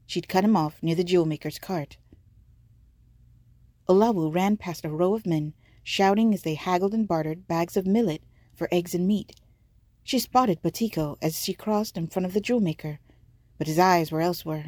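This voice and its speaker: A woman reading a story aloud in a measured, vivid narrating manner. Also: on the low side, darkish tone, no echo. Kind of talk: scripted audiobook narration.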